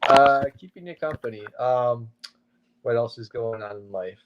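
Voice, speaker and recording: An easygoing man co-hosts a comic chat in a relaxed way, with lots of little fillers. His voice sits in the middle range. The recording is muffled and lo-fi. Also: medium pitch, measured pace. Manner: easygoing, laid-back, with many fillers. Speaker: co-host and comic vendor. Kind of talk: casual chat.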